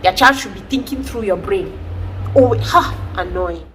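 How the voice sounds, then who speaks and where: A woman, chatting in an emphatic, animated way as a vlogger giving advice. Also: mid-range voice, unhurried, slight background noise, low-quality recording. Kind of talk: casual advice vlog.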